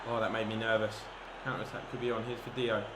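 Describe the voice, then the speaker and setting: Excitable man calling a football game. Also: on the low side, fast. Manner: excitable, bursts into shouts at chances. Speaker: gaming commentator. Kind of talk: live football game commentary. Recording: echoey room with background noise.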